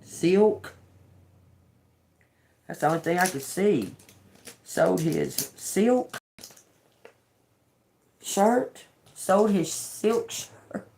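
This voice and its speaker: Slow gravelly older woman reading tarot. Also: on the low side, animated, mellow, a little hiss or hum. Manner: slow and profane, repeats words as she reads them. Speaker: tarot reader. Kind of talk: live-streamed tarot reading.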